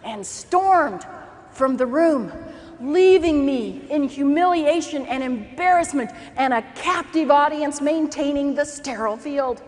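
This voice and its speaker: High-voiced woman telling a funny story. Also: a little slow. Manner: animated, acts out characters, laughs through lines. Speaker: keynote speaker. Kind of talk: humorous storytelling speech. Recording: echoey hall with faint noise.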